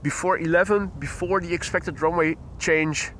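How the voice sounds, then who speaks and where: A man's voice: on the high side, fairly even intonation, moderate pace, fairly bright tone, slight background noise. A man, chatting casually as host of a live plane spotting stream, greeting viewers by name, his nose a little stuffy, on a clip-on mic outdoors. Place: outdoors at an airport. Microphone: wireless clip-on mic on his t-shirt.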